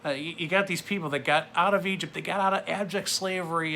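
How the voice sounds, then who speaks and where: A man's voice: fairly high pitch, fairly even intonation, fast talker, hardly any pauses, pushed and bright, a little hiss or hum. A man in his forties ranting to camera in a blunt, sarcastic way. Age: 40s. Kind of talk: political rant to camera.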